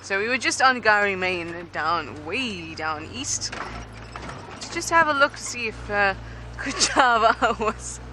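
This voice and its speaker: A woman's voice: medium pitch, very animated, takes it slowly, sharp tone. A woman guiding a live game drive from a vehicle, talking in a casual, upbeat way. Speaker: safari guide. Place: vehicle outdoors in the bush. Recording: noisy outdoor vehicle mic.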